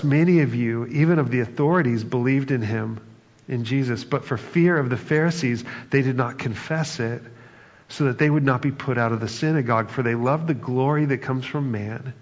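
At medium pitch and normal speed, a male pastor gives a chatty sermon, performing quotations and slipping in jokes. The hall is reverberant and the audio dull.

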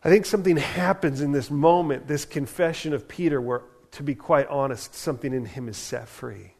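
A man, a pastor, preaching a sermon in a conversational, animated way, often asking "right?" as he talks. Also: on the high side, normal speed, gravelly.

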